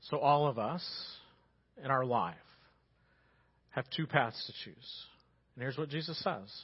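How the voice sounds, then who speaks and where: A man preaching a sermon as pastor, telling stories in a conversational way and dropping quiet for serious points. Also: mid-range voice, husky, muffled recording. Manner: storytelling, conversational with sudden quiet drops. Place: church sanctuary.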